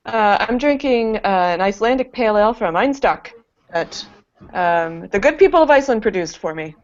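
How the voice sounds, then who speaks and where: A woman's voice: medium pitch, expressive, moderate pace. A woman on a casual online panel, chatting with dry, wry remarks. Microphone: video call. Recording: dull lo-fi web call with faint hiss.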